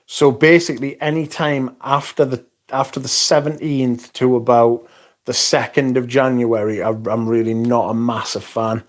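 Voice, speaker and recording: A man's voice: mid-range voice, little pitch movement, moderate pace. A young man hosting a livestream, chatting casually, rambling and swearing as he reads comments aloud. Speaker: livestream host.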